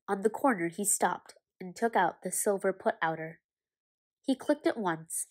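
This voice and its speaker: A woman narrating a children's novel aloud in a measured, expressive storytelling manner. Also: medium pitch. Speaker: audiobook reader.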